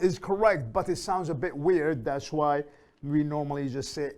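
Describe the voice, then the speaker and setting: A man teaching an English grammar lesson, reading example sentences slowly and repeating them for learners, with fillers and small self-corrections. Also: a little high, steady tone, darkish tone. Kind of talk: slow, deliberate lesson explanation.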